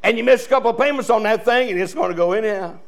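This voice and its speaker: A man's voice: high voice, rapid-fire, gravelly. A male pastor preaching a sermon in a folksy, joking way, full of restarts and chuckles. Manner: folksy, joking preaching with laughs and repeated starts.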